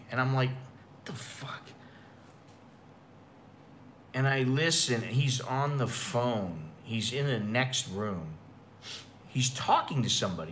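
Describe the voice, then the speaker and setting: A man's voice: mid-range voice, a bit bright, a little hiss or hum. An American man telling rambling, profane stories in a casual livestream chat. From United States. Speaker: expat vlogger.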